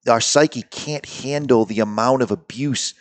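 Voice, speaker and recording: A man's voice: mid-range voice, a little slow, no room sound. Explaining man podcast co-host. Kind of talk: casual chat. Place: podcast studio.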